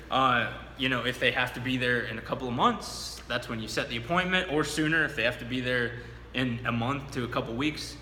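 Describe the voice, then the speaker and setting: A man's voice: mid-range voice, bright, forceful tone. A man working as a real estate agent, explaining a door knocking script in a casual teaching talk and acting it out with enthusiasm. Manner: casual, explaining with fillers, bursts of enthusiasm in demo. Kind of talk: instructional talk with role-play demo. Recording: echoey room with long reverb, faint background hum.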